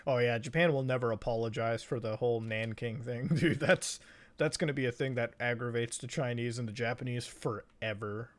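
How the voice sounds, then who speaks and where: A man's voice: medium pitch, fairly quick. A man from Canada streaming a game, chatting casually in a rambling, profane way and laughing often. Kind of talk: casual chat while gaming.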